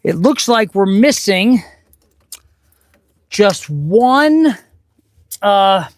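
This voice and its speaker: A middle-aged man, an auto mechanic hosting a casual live stream from his garage, chatting and rambling excitably as he works. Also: sits high, extremely slow. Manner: chatty, excitable and rambling, with sudden loud outbursts. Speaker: auto mechanic and channel host. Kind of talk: casual live-stream chat while working.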